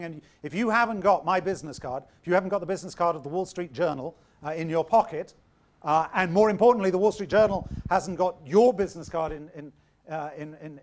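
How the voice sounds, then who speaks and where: A man who is losing his voice gives an informal talk to an audience of entrepreneurs. He speaks directly and with emphasis, often repeating words while he thinks. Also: sits high.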